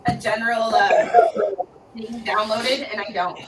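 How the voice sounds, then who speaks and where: A woman with a Southern US accent chats on a livestream from home, poking fun at herself. Her voice sits a little high. The mic is across the room, so she sounds distant, with faint noise. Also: steady tone, unhurried. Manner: self-deprecating, laughs at herself. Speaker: streamer guest. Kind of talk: casual chat on a livestream call.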